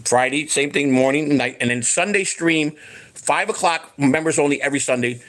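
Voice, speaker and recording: A man's voice: a little high, normal speed, fairly bright tone. A man hosting a casual livestream chat, rambling and profane, with lots of restarts, acting out what other people said. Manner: acts out quoted people in his voice. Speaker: host.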